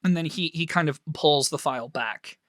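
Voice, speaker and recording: A man acting as game master, narrating a tabletop game in a lively, storytelling way. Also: fairly high pitch, normal speed, no echo, clean studio sound.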